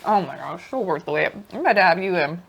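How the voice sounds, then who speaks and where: Lively-voiced woman vlogger eating breakfast. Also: fairly low pitch, fast talker, gravelly, slightly rough. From United States. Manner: lively, reacting with short murmurs while eating. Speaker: vlog host eating a meal. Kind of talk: casual chat over a meal. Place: home kitchen.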